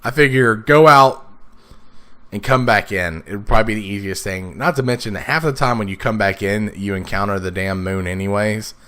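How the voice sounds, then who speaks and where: A man with a raspy, stuffed-up voice, casually talking through his gameplay with lots of fillers and restarts. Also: lowish voice, fairly quick, bright, forceful tone. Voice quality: raspy, congested from blocked sinuses. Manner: rambling, many fillers and restarts. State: sniffly, stuffed up. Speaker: let's play gamer.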